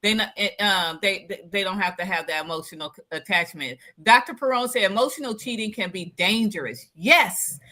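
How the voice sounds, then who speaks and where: Bright-voiced blunt woman talk-show host. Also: medium pitch, brisk, few pauses. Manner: blunt, emphatic, reads out viewer comments. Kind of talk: casual live-stream chat.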